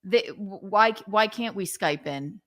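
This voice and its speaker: A woman's voice: mid-range voice, unhurried, a bit bright. A woman co-hosting a livestream in casual chat, conversational with sarcastic asides and restarts. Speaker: livestream co-host.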